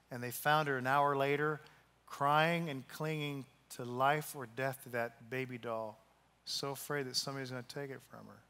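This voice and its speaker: A male pastor delivers a storytelling sermon, slipping into the voices of the people in his story and sometimes sinking to a hushed softness. His voice is bright and forward, pitched a little high for a man. It rings out into a large hall with a long reverb. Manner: storytelling, acting out quoted voices, dropping to soft hushed tones.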